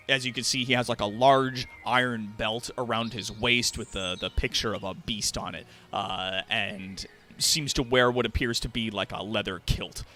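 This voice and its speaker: A man's voice: fairly low pitch, pushed and bright. A man narrating as game master in a casual, swearing, laughing way, with many fillers. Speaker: dungeon master.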